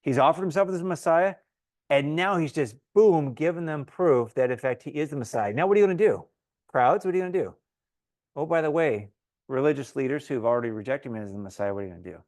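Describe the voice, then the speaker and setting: A man teaching a Bible study in a relaxed, conversational way, often acting out the crowd's voices in quotes. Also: a little high, fast, no echo, studio quality.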